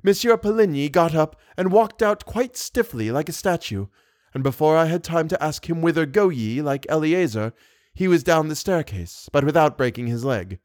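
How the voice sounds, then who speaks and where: A man voicing a haughty, excitable older woman who keeps a theatre box. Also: fairly high pitch, moderate pace, dry recording, studio quality, pitched above the performer's own voice, natural voice. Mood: confiding. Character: indignant gossipy older woman box-keeper.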